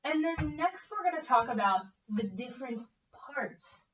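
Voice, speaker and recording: A young woman teaching a bassoon lesson, upbeat and encouraging, checking in with the student often. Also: sing-song, moderate pace, fairly bright tone, soft background music. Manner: upbeat, coaching with frequent okay checks. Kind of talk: encouraging one-on-one music lesson. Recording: echoey, distant, dull room audio.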